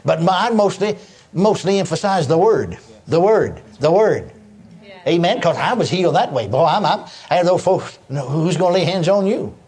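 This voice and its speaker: A man's voice: high voice, moderate pace, husky. An older man preaching a sermon, telling stories with lots of repetition and chuckles. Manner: animated storytelling with repetitions and laughs.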